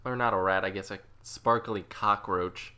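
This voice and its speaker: A man hosting a let's play, giving casual, excitable and self-mocking commentary, often talking to the enemy on screen. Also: fairly low pitch, moderate pace.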